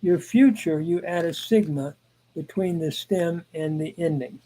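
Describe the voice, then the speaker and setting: A man teaching Greek grammar in a recorded lesson, reciting word forms one at a time and pausing often with "uh.". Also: a little high, warm tone, rough recording.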